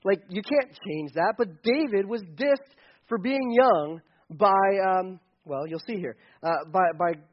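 A man's voice: high-pitched, lively intonation, unhurried. A man preaching a casual, joking sermon to a young audience, with many restarts. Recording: dull lo-fi recording.

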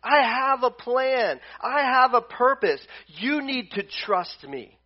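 A man preaching as he voices God, who calmly insists on his plan and control, speaking slowly and firmly. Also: extremely high pitch, muffled recording, pitched above the performer's own voice, exaggerated voice. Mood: firm reassuring. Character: God speaking, calm reassuring male sovereign.

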